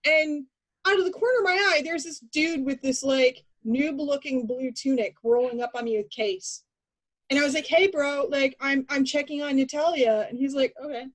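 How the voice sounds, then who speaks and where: A woman with a high voice tells animated stories in a casual chat. She restarts sentences often and laughs between lines. She co-hosts the conversation. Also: normal speed, poor audio. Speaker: podcast co-host.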